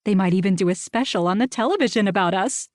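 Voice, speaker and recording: A woman voicing an excitable, gossipy small-town woman who fires off breathless questions. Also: mid-range voice, dry recording, clean studio sound, close to an everyday voice. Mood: wistful. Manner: breathless, rapid-fire questions.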